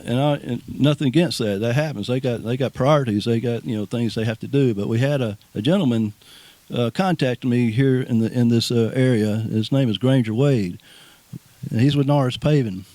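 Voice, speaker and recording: A man's voice: medium pitch, fairly quick, mellow, no room sound. A man giving a rambling, folksy speech of thanks outdoors, often repeating words and restarting. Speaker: speaker at a ribbon cutting. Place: outdoors at a nature preserve.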